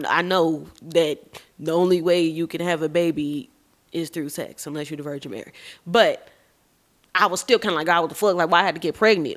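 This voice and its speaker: A woman hosts her own podcast and tells a deeply personal story in a frank, expressive way. She talks straight to her listeners, drops curse words casually, and her voice sits a little lower than most women's. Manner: swears casually. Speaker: podcast host. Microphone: podcast microphone.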